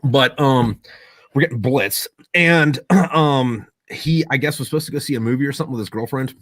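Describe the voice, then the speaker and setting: A man spins a crude, rambling story, packed with swearing and filler words. His voice sits at an ordinary middle pitch. The sound is dry and close, with no room around it. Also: normal speed, a bit bright, dry recording. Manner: profane, rambling, full of fillers. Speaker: Marine veteran. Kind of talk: casual storytelling.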